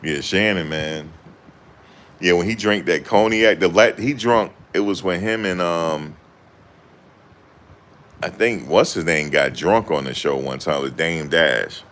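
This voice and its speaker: A man's voice: deep voice, unhurried, long pauses, fairly bright tone, slight background noise. A young man chatting casually to camera in loose, slangy banter, often laughing. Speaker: vlogger.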